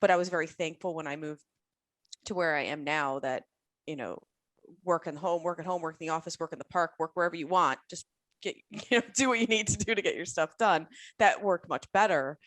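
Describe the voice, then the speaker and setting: A woman's voice: sits low, brisk, fairly bright tone, dry recording, studio quality. A woman hosting a casual panel discussion, chatty and candid, asking questions and often saying "like". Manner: chatty and candid, leading with questions, heavy "like" use. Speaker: podcast host, attorney.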